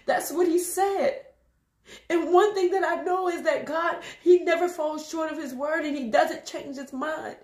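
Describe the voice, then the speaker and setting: Woman crying while she preaches, high voice, keeps repeating herself, roomy echo. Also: unhurried, darkish tone. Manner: emotional, repetitive, exhorting. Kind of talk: tearful spoken testimony.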